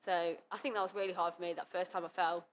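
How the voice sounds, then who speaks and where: Fast-talking young woman, low voice. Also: level tone, slight background noise. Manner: chatty, lots of fillers and self-quotes. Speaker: guest cheerleader. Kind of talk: casual podcast chat.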